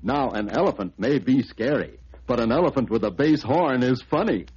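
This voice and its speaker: A man's voice: medium pitch, expressive, moderate pace, a little mellow, slightly rough. A man narrating a children's storybook record in a playful, sing-song manner. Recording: dull lo-fi record with music.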